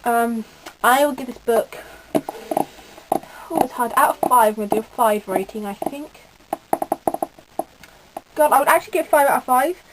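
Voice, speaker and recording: A woman's voice: on the high side, measured pace, long pauses, heavy background noise. A teenage girl from the UK giving a rambling, gushing casual book review with lots of fillers. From United Kingdom. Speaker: book vlogger.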